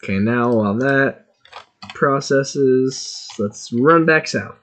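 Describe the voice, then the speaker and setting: A man streaming a video game, chatting casually and excitably while thinking aloud about what he is doing. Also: medium pitch, slow. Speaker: gaming streamer.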